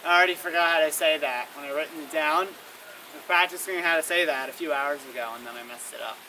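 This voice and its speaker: Outdoors in the wind, a male weather vlogger rambles casually, often correcting himself and trying out foreign words. His voice is on the high side, sing-song and quick, gravelly, bright and forceful, captured in a distant, windy recording.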